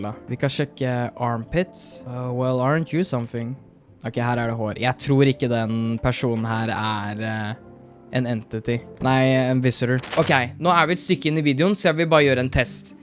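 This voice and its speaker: Chatty Norwegian man streaming a game. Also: mid-range voice. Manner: chatty, swears often, reacts aloud. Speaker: gaming streamer. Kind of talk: casual let's-play commentary.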